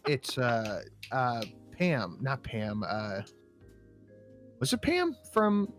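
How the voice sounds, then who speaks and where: A man's voice: medium pitch, huge pitch swings, extremely slow, soft background music. A man in casual podcast chat with dry, teasing remarks. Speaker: podcast co-host.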